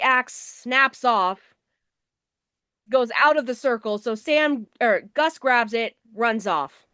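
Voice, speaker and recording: A woman's voice: high voice, lively intonation, slow, pushed and bright, smooth, dry recording. A woman co-hosting a movie review show, recapping the plot in a casual, wry, sarcastic way. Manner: sarcastic, wry, swears offhandedly.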